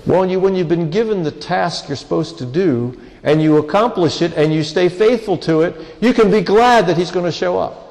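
A man preaching a sermon with earnest, pleading emphasis and drawn-out pauses. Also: sits high, darkish tone. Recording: long hall reverb.

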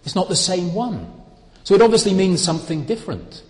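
A man preaching a sermon, explaining Bible words in a slow, deliberate, emphatic way. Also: high-pitched, expressive, in a large hall.

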